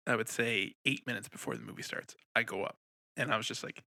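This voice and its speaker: A man co-hosting a casual podcast chat, an animated storyteller who swears freely. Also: medium pitch, a little fast, gravelly, no echo, studio quality. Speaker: podcast co-host.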